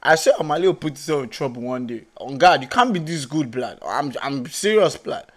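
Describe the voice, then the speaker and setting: A man's voice: on the high side, animated, a little fast. A young man hosting a music reaction channel, talking in casual, hyped commentary full of slang. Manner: slangy and hyped, calls listeners "blood" and "broski". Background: song playing faintly.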